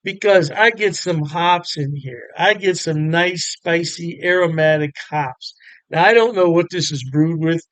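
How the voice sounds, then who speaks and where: A man hosting a casual beer review, talking straight to his viewers in an upbeat, chatty way with lots of fillers. His voice sits a little high and sounds smooth and clear. The sound is dry, with no room echo. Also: unhurried, fairly bright tone.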